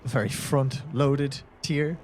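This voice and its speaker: A man playing a tabletop game, quick and chatty. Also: mid-range voice, fairly even intonation, darkish tone. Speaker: player. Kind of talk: casual tabletop play.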